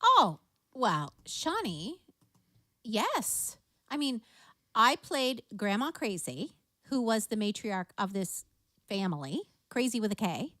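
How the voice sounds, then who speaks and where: A woman's voice: a little high, slow pace, no echo, studio quality. A woman hosting a live music show, telling funny stories in casual chat. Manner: animated storyteller, laughs often. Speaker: livestream music show host.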